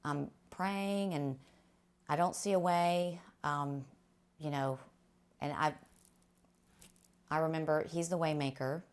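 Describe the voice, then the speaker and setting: Woman, deep voice, interview guest, earnest, halting, faith testimony. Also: fairly even intonation, clean tone. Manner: earnest, halting, many fillers and restarts.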